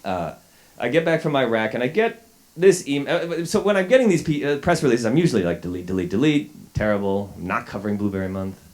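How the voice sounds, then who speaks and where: A man's voice: medium pitch, big pitch swings, quick pace, a little mellow. Self-deprecating man telling a story onstage. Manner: self-deprecating, wry, with frequent fillers and restarts. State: a little sick, coughing. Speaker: journalist giving a talk. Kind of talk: storytelling talk to an audience. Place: lecture hall with a live audience.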